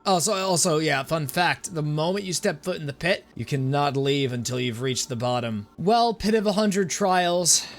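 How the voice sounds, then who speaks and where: A young man giving comedic, rambling commentary on a game he is streaming, stammering and jumping between jokes and loud outbursts. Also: fairly high pitch, normal speed, few pauses. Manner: jokey, stammering, swings into shouts.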